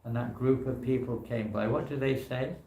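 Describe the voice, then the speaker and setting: A man's voice: medium pitch, moderate pace, mellow, a little hiss or hum. A man, a monk, giving an informal scripture class in a temple hall, talking in a loose, rambling way full of "you know" fillers.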